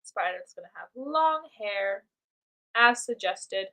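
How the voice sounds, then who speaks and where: A woman's voice: mid-range voice, lively intonation, slow, sharp tone. A young woman chatting casually while drawing on a live stream, playfully talking to herself and to chat.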